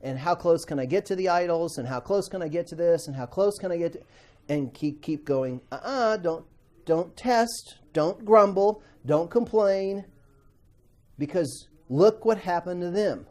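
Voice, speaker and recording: A man teaching a Bible class to students, animated, acting out quotes and asking the class questions. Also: high-pitched, a little slow.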